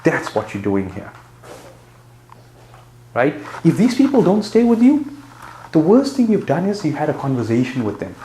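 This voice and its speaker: A man's voice: fairly high pitch, wildly swooping pitch, moderate pace, long pauses, dark tone, a little hiss or hum. South African man coaching in a roomy echo. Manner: direct, punchy, keeps checking in with "right?". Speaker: fitness business coach. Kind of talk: marketing seminar talk.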